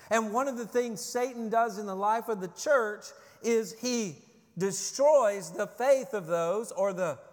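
Man, pastor, sermon, high-pitched, urgent preaching, long hall reverb. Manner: urgent preaching, rising loud on warnings, dropping low and quiet on questions.

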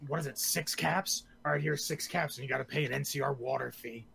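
A man voicing a blunt wasteland traveler in a tabletop game, speaking haltingly with fillers before dry wisecracks. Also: mid-range voice, gravelly, pushed and bright. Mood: wry. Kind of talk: tabletop role-play in character.

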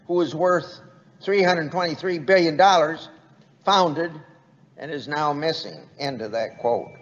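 Slow, deliberate man speaking in an echoing hall. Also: fairly high pitch. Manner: slow, deliberate, reading quotes aloud. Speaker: senator giving a speech. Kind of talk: formal prepared speech. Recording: dull, lo-fi recording in a long-reverb hall.

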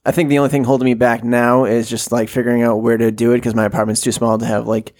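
A man's voice: mid-range voice, little pitch movement, fast talker, a little mellow. A man co-hosting a podcast, chatting casually and rambling with many fillers. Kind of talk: casual chat.

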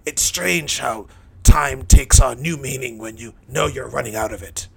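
A man playing a gravelly, bitter dying thief. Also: a little slow, full character voice. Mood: brooding. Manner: brooding, cynical, low-key. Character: hardened dying male thief on a cross, bitter. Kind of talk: dramatic first-person monologue.

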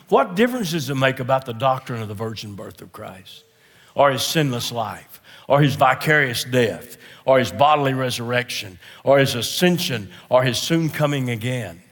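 A man preaching a sermon as a guest speaker, emphatic and repetitive, swinging between loud declarations and hushed asides, often clearing his throat. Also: mid-range voice, long reverb tail.

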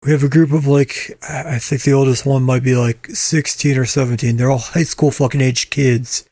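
A man's voice: mid-range voice, level tone, moderate pace, mellow, no echo, studio quality. A man co-hosting a casual chat, blunt and sardonic, swearing heavily. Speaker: podcast co-host.

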